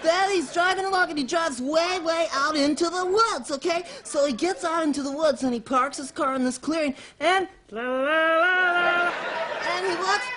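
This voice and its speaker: A giddy childlike man-boy, played by a man, talking high and bouncy. He rambles and restarts with gleeful nervous energy. A roaring studio crowd fills the room. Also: a little fast, few pauses, background noise. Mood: giddy storytelling. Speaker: talk show guest. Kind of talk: comic character performance.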